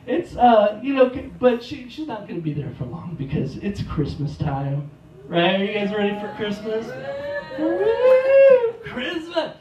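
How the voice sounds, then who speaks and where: A man doing a stand-up comedy set on a theater stage, rambling and self-deprecating, with sudden loud outbursts. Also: sits high, expressive, moderate pace, a loud crowd. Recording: echoey theater, mic from a distance.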